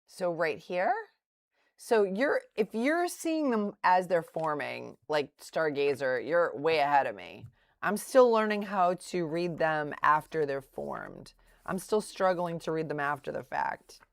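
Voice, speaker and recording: A middle-aged woman chats on a live stream, thinking aloud and often stopping to correct herself. Her voice sits a little low and she talks at an unhurried, drawn-out pace. The sound is close and dry, with no room echo. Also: sing-song. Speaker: day trader streaming live. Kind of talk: live-stream chat, answering viewer comments.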